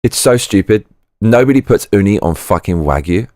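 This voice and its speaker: A man's voice: lowish voice, expressive, normal speed, darkish tone, dry recording, studio quality. A man hosting a live chat stream, rambling and swearing freely with lots of restarts. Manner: rambling and profane, with many restarts. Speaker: livestream host.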